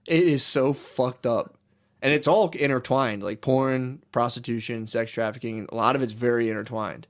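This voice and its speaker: A man's voice: mid-range voice, fairly even intonation, normal speed. A young man, co-hosting a podcast in casual chat, talking loosely with lots of "like" and "dude" and plenty of swearing. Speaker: podcast co-host.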